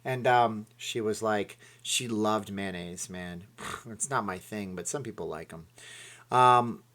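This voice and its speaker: A man's voice: fairly low pitch, takes it slowly, fairly bright tone. A middle-aged man from Saskatchewan, hosting a casual live stream, chatty and rambling as he reacts to viewer comments. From Saskatchewan, Canada. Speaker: channel host.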